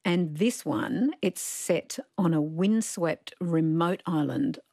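Low, husky woman hosting a book show. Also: slow pace, darkish tone, no room sound. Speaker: radio book show host. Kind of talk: radio book review chat. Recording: dry studio sound.

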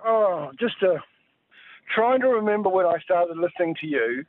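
Caller: male, halting, tinny phone audio. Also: high-pitched, expressive, dry recording.

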